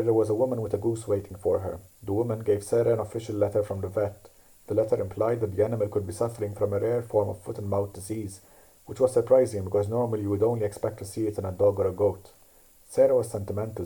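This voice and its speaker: Dark, husky-voiced Maltese man. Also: on the low side, poor audio. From Malta. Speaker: dialect archive participant. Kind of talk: reading a passage aloud, then casual talk.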